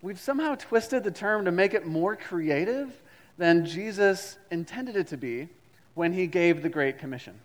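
A man's voice: sits high, animated, normal speed, long reverb tail. A man preaching a sermon as a pastor, reading scripture and leading the congregation in call-and-response with repetition.

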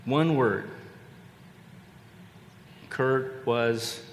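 An older man delivers a sermon in an earnest, measured way, often repeating a phrase for weight. His mid-pitched voice rings out in a large hall with a long reverb tail. A faint hum of ambience hangs behind him. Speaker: pastor.

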